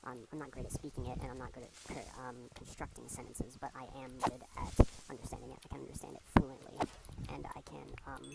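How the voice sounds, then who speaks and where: A woman's voice: a bass voice, level tone, fast talker, gravelly, few pauses, very noisy. A sleep-deprived young woman rambling to herself as she gives casual gameplay commentary. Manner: rambling, talks to herself, restless. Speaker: gamer.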